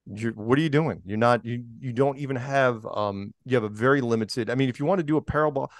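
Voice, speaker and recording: A man's voice: medium pitch, fairly quick, dry recording. Rambling man, dry close sound. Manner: rambling, many fillers and restarts. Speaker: guest. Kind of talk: casual interview talk.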